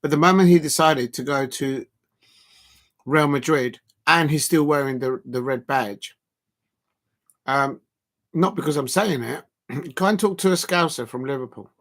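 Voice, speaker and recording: A man hosting a live football watch-along, talking haltingly with fillers and breaking into loud emphatic outbursts at the action. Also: fairly high pitch. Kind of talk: live match reaction commentary.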